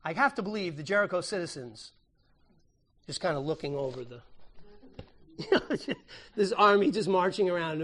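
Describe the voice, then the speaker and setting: A pastor teaching a conversational sermon, retelling a story with humor and casual asides. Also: male voice, high voice, expressive, moderate pace, long pauses, bright, forceful tone. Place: church.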